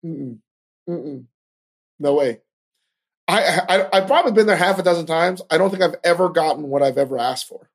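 A man hosting a podcast, ranting in casual, profane commentary with animated outbursts. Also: a little high, normal speed, pauses often. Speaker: podcast host.

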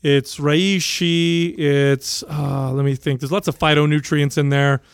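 A man's voice: on the high side, level tone, a little slow, creaky, smooth, no room sound, studio quality. A man, a father and podcast co-host, telling stories in casual chat, laughing easily and restarting his sentences. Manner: storytelling, laughs often, trails off and restarts.

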